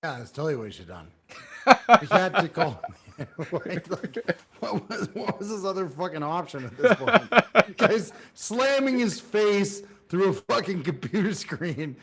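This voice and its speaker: A man's voice: high-pitched, sing-song, moderate pace, a bit bright, slightly rough. A man co-hosting a casual podcast, sardonic and profane, laughing often as he talks. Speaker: podcast co-host.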